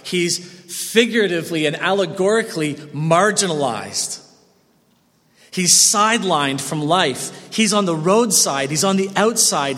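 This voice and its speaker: Male pastor, high voice, expressive sermon, echoing sanctuary. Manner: expressive preaching with wide swings in loudness. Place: church sanctuary. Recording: long church reverb.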